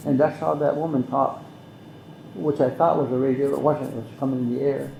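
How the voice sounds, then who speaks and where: An older man, slowly telling a traditional story as an elder guest, with measured, repeated phrases. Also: mid-range voice, little pitch movement, creaky, dark tone, a little hiss or hum. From Mohawk Valley, New York. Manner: measured, repetitive, speaks some phrases in Mohawk. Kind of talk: slow oral storytelling. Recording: roomy echo.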